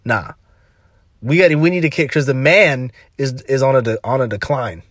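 A man's voice: mid-range voice, normal speed, fairly bright tone, no room sound, clean studio sound. A man hosting a podcast, giving an emphatic, slangy motivational talk full of repeated punchy phrases. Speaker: podcast host.

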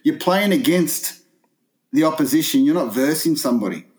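A man's voice: on the high side, animated, moderate pace, darkish tone. A man with an Australian accent, co-hosting a casual sports chat, rambling, swearing a lot and laughing often. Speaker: podcast co-host.

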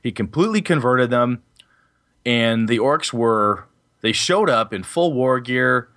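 A man's voice: medium pitch, lively intonation, measured pace, fairly bright tone. A man hosting a casual tabletop gaming podcast, rambling and correcting himself as he talks, with casual swearing. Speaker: podcast host and game master.

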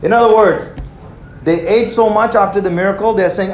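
Brief: high-pitched young male pastor, lively and joking, echoey church hall. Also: normal speed, a little hiss or hum. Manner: animated, conversational, joking. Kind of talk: sermon. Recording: roomy hall with faint ambience.

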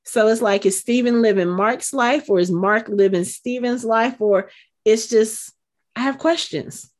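A woman co-hosting a casual podcast, chatty and animated, thinking out loud. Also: a little high, a little slow. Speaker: podcast co-host. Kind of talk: casual chat.

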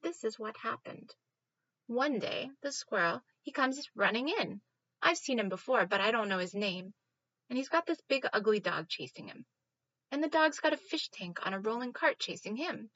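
Bright-voiced woman reading a storybook. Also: on the high side, normal speed, dry recording, highs cut off. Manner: expressive, rhyming, stops to fix slips. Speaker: reader. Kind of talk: reading a children's book aloud.

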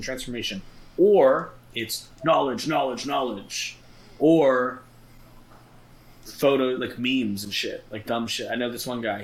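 A man's voice: on the low side, slight background noise, low-quality recording. A man co-hosting a podcast, telling stories in casual, profane chat and acting out the voices of the people he quotes. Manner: animated storyteller, acts out quoted voices. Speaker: podcast co-host.

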